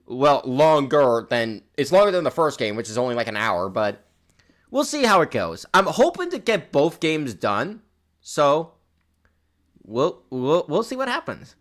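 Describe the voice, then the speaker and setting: A man's voice: fairly high pitch, wildly swooping pitch, unhurried, a bit bright. A young man streaming a game in casual chat, rambling and restarting his words, with a slightly sore throat. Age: young adult.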